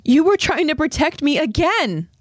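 An earnest young soldier girl who presses with questions, as a woman acts her out. Her voice sits high and clear above the performer's own. The recording is dry and close. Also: lively intonation, moderate pace, darkish tone, no room sound. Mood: searching.

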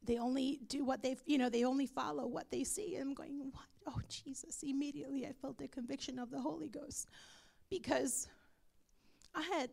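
A woman's voice: sits high, fairly even intonation, brisk, gravelly, darkish tone. A woman pastor preaching a sermon and leading prayer with fervent feeling, dropping now and then into whispered pleas. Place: church.

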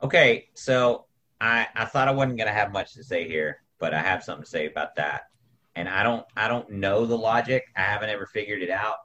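A man's voice: on the low side, animated, fairly quick, pushed and bright, highs cut off. A man in his thirties, co-hosting a casual podcast chat and telling stories from his school days. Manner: laughing, reflective storyteller. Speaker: podcast co-host.

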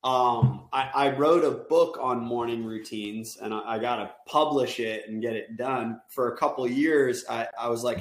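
A man's voice: mid-range voice, normal speed, hardly any pauses. Casual male host, middle voice, wandering delivery, roomy reverb. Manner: rambling, searching for words. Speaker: podcast host. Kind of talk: casual interview chat. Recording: roomy echo.

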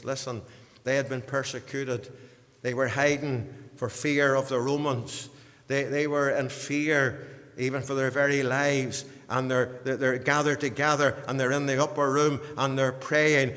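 A man preaching a sermon, swinging from hushed passages to loud, high bursts and repeating words as he builds up. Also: fairly even intonation, unhurried, big-room sound.

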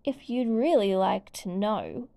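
A woman voicing a sly, grinning male cat in a slow storybook reading, with a teasing, playful manner. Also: mid-range voice, very animated, vocal fry, warm tone, full character voice.

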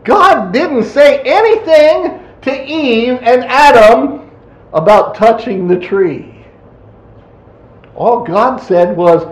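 A man preaching a sermon in a folksy, animated way, acting out quotes. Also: extremely high pitch, slow pace. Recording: echoey room.

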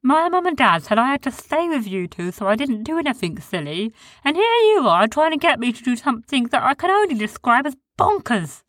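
A woman's voice: high-pitched, very animated, brisk, fairly bright tone, no echo, studio quality, pitched above the performer's own voice. A woman voicing a big, furry, fussy male creature who is reluctant and cautious, in a storybook reading. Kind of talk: storybook character voice.

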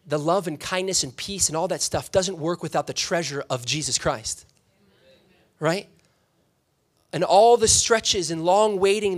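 Young guy pastor talking casual in church, kinda high voice, jokey, keeps asking "right?". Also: fairly bright tone. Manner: chatty, self-deprecating, frequent "right?" asides. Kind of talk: casual conversational sermon. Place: church sanctuary.

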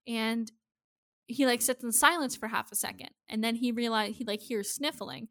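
Woman, podcast co-host, chatty recap, higher voice, bright and sharp tone. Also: normal speed. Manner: chatty, lots of "like" fillers, acts out quotes. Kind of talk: casual TV episode recap.

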